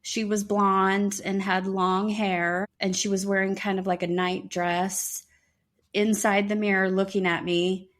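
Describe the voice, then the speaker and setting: A woman's voice: mid-range voice, a little slow. Woman telling a spooky story. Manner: animated, acts out quoted voices. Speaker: podcast co-host. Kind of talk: casual storytelling.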